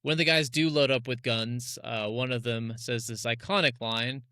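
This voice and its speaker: A man's voice: medium pitch, fairly even intonation, normal speed, pushed and bright, clean tone, no room sound, studio quality. A man co-hosting a podcast in casual chat, bubbly and chatty, laughing a lot. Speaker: podcast co-host.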